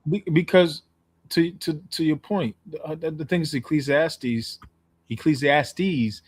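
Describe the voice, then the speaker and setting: A man in casual scripture discussion, talking in an easygoing, halting way. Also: fairly high pitch, slightly rough. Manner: easygoing, halting, with fillers and laughs. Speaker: co-host.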